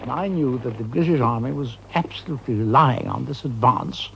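Older male veteran, gravelly and husky, halting storyteller full of ums. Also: mid-range voice, fairly bright tone, low-quality recording. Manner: hesitant anecdotal storytelling with many fillers. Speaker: veteran interviewee. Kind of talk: archival interview recollection.

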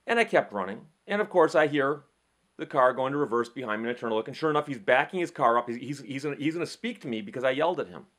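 A middle-aged man hosting a casual legal talk show, telling an animated story with frequent repeats and restarts. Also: medium pitch, fast. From Michigan, USA. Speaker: legal commentary host.

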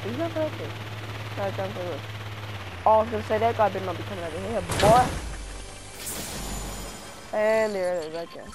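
A gaming channel host giving live gameplay commentary, excitable, who yelps and pleads whenever danger comes close. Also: medium pitch, fairly quick, pauses often, very noisy.

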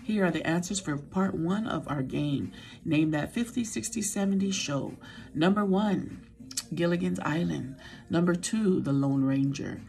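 Unhurried, lowish and a little mellow with vocal fry, a middle-aged woman chats to her viewers in her weekly vlog. She stays playful and talkative, sings along, and every so often drops to a whisper.

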